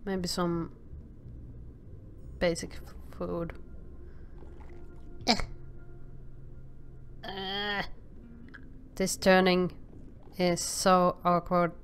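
A woman's voice: on the low side, slight background noise. A woman casually commenting on a video game as she plays, exclaiming often and stammering filler sounds when things go wrong. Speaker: gameplay commentator.

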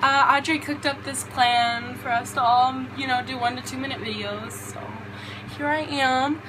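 A woman's voice: sits high, fairly even intonation, normal speed. Giggly young woman with a noisy background. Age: young adult. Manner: giggly, self-conscious, chatty. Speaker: daughter recording a message. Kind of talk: casual video message.

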